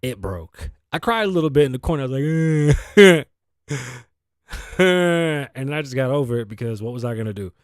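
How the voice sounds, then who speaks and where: This Bronx, New York man hosts his own show, delivering a rambling, profane, self-deprecating solo monologue while sounding sleepy and tired. His mid-range voice has lively intonation and a moderate pace. The studio mic runs through an audio interface, giving clean sound with no echo.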